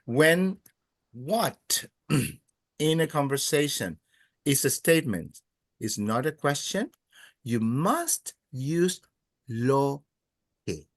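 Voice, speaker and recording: Slow, patient male Spanish teacher. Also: mid-range voice, dry recording, studio quality. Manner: patient, prompts the class and praises answers; hesitant, many "uh" pauses. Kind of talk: classroom language lesson.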